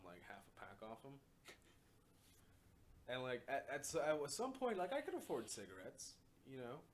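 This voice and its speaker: A man's voice: mid-range voice, a little hiss or hum. A man hosting a podcast in casual chat, telling rambling, profane stories and often laughing at his own jokes. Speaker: podcast host.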